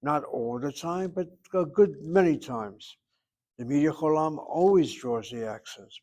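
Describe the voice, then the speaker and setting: A man's voice: fairly high pitch, unhurried, a little mellow. A man teaching a Hebrew grammar class, explaining at length with wry asides and calling on students by name. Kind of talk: online class lecture.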